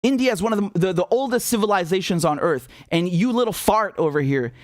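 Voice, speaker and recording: A young man hosting a live political commentary stream, animated and scornful, laughing often and restarting his sentences. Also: high voice, a little fast, no echo, clean studio sound.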